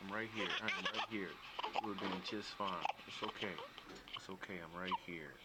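A man softly reassuring his newborn daughter in a hospital room, recorded on a home video. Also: deep voice, steady tone, normal speed, very noisy. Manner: soft, soothing, repetitive reassurance. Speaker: father comforting his newborn.

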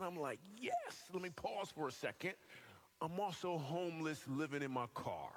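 A man's voice: a little high, fairly bright tone, slight background noise. A man from Michigan, a comedian, telling a funny personal testimony to a church audience and acting out other people's voices. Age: adult. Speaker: comedian and guest speaker. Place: church hall with a live audience.

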